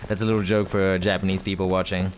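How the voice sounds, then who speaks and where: A man's voice: sits low, level tone, quick pace. A man hosting a let's play, giving rambling, jokey gameplay commentary and laughing often. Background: game music.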